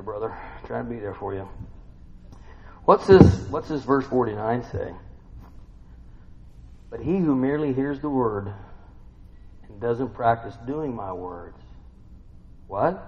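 Slow and full of long pauses, this man's medium-pitched voice has a darkish tone and lively intonation. He preaches informally, speaking conversationally, questioning his listeners, and humming and affirming between points. The recording is dull and lo-fi, with long hall reverb.

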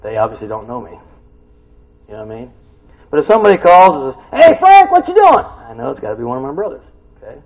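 A middle-aged man preaching a conversational sermon in a folksy way, often asking his listeners questions and rising loud and high when excited. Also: fast, pauses often. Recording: dull lo-fi recording.

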